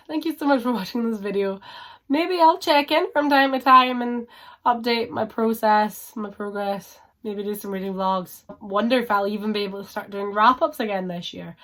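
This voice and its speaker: A woman's voice: mid-range voice, a bit bright. A woman book vlogger talking casually to camera at home, chatty and frank, rambling through her reading plans.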